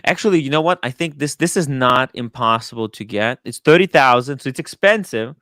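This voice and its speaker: A man hosting a casual watch livestream, talking in an excitable, animated way with quick asides to the chat. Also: mid-range voice, no echo, studio quality. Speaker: livestream host. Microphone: studio microphone.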